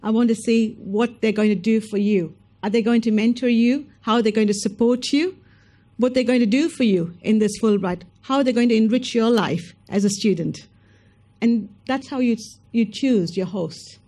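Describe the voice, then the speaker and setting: Her voice sits on the high side, warm and at a normal speed, as she presents a scholarship program at an information session. She speaks to applicants directly and emphatically, regularly checking in with them.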